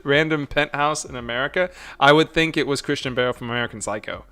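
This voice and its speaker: A man's voice: mid-range voice, fairly quick, few pauses, pushed and bright, clear, resonant tone. A man hosting a casual livestream chat, rambling along and laughing often. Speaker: host.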